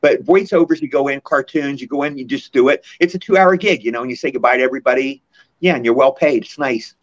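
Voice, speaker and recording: A man in his sixties, a guest actor in a casual interview, telling animated stories and acting out the people he quotes. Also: mid-range voice, fast. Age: 60s. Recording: muffled lo-fi audio.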